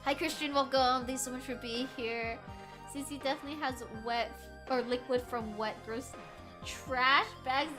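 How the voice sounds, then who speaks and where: A woman streamer chatting casually with her viewers from a room at home while doing crafts, animated and swearing freely as she reacts loudly to chat. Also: high voice, moderate pace, over music.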